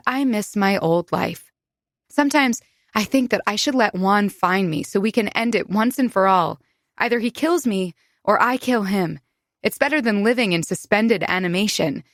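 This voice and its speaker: Woman narrator, mid pitch, intimate first-person audiobook reading, dry close studio sound. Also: no room sound.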